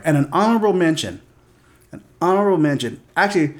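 Man excitable, cheio de palavrões. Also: fairly high pitch, fast. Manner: excitable, swears a lot, many "like" fillers. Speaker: podcast co-host. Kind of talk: casual film and TV chat.

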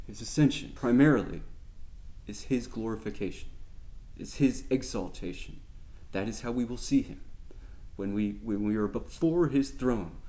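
A man's voice: fairly low pitch, mellow. A man teaching a sermon, speaking earnestly with many restarts, then reading scripture aloud. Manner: reads scripture aloud steadily. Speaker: Bible teacher.

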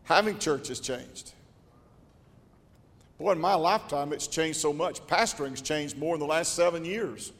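An older pastor preaching a storytelling sermon in a folksy drawl, his voice sitting a little high and swelling into shouts. It rings in a long church reverb.

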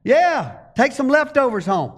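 A male pastor with a strikingly high voice delivers a sermon in an unhurried, measured way. He talks conversationally and poses rhetorical questions to his congregation. His words ring out with a long reverb from the church hall. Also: sing-song. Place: church stage.

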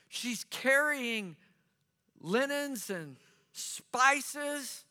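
Slow, bright-voiced male preacher. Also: extremely high pitch. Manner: earnest storytelling, repeats phrases for emphasis. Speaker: pastor. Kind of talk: sermon. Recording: long reverb of a large hall.

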